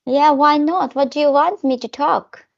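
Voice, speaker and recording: A woman with an Indian accent talks quickly in a relaxed chat, explaining things like a teacher. Her voice sits fairly high. The sound is dull and muffled, like online call audio. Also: vocal fry. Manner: talks fast. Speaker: English teacher and YouTuber. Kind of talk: casual conversation.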